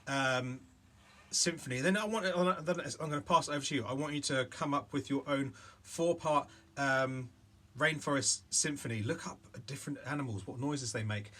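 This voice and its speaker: A man's voice: mid-range voice, moderate pace, pushed and bright. A man teaching a remote music lesson, talking casually and thinking aloud with lots of fillers. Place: home room with instruments and loop pedal.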